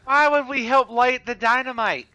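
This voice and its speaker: A man playing a tabletop game, bantering in character with incredulous quick replies. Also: very high voice, steady tone, sharp tone, clean tone. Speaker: player. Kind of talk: casual tabletop role-play.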